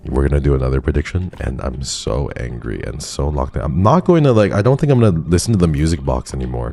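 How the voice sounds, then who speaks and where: A man's voice: very deep voice, gravelly, dark tone, slight background noise. A male streamer giving live commentary on a game, talking to his chat and swearing in frustration.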